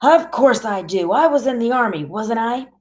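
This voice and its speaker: A woman voicing an elderly grandfather, a gruff protective ex-soldier who talks sternly and later soothingly. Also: on the high side, expressive, normal speed, a little mellow, voice pushed up, natural voice. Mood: angry. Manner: stern, then soothing and weary.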